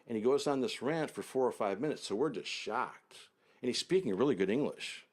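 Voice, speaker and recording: A man's voice: mid-range voice, expressive, a little fast, a little mellow. A man from the United States, an author and interview guest, telling a travel story in vivid, short, punchy sentences. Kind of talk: anecdotal storytelling.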